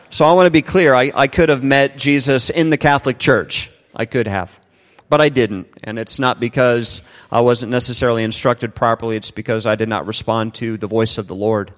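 A middle-aged man preaching a sermon, earnest and emphatic, often asking the congregation rhetorical questions. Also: mid-range voice. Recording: long hall reverb.

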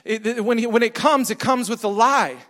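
A pastor preaching a sermon, emphatic and repetitive, asking the congregation questions. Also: male voice, very high voice, moderate pace, pushed and bright. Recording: long hall reverb.

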